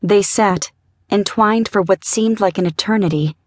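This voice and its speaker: A woman narrating a young-adult fantasy audiobook in a gentle, measured reading. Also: mid-range voice. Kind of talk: scripted narration.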